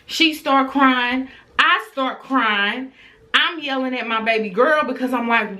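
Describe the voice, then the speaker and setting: A young woman tells a story on her vlog, animated and exasperated in the retelling. Her voice is bright and clear. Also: high-pitched, a little slow. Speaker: vlogger. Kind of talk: casual storytelling.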